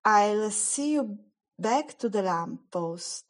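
A woman voicing a guilt-stricken male faun, gentle and fretful, with an anxious, pleading, slightly raised voice. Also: medium pitch, lively intonation, slow pace. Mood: resolved.

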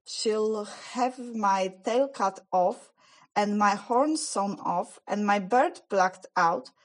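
A woman voicing a guilt-stricken male faun, gentle and fretful, with an anxious, pleading, slightly raised voice. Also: fairly high pitch.

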